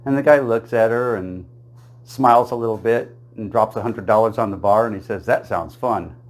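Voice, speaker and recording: A man with a lowish voice tells a string of jokes at a normal pace, using a plain storytelling voice. He chuckles at his own punchlines and briefly slips into little character voices for the quoted lines, in what amounts to a joke-telling monologue.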